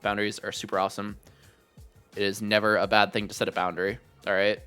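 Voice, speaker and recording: A man hosting a casual live-stream chat from home, giving blunt advice with plenty of swearing and animated ranting. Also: fairly low pitch, quick pace, smooth, faint music behind. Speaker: streamer and podcast host.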